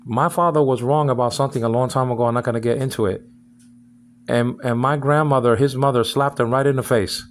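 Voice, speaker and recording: A man's voice: medium pitch, steady tone, a little fast, a little hiss or hum. A man from the United States delivering an angry, rambling video message, repeating himself and stumbling over his words. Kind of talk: angry direct-address monologue.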